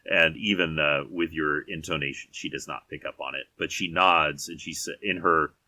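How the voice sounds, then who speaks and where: Deep-voiced male game master. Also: fairly even intonation, moderate pace, bright, forceful tone, no room sound. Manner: descriptive, with fillers and restarts. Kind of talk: narrating a tabletop game.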